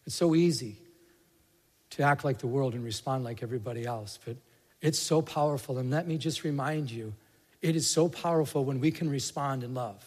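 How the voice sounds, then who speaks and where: A man's voice: mid-range voice, moderate pace, darkish tone. A man preaching a sermon in a conversational way that builds to passionate emphasis. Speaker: pastor. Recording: reverberant hall.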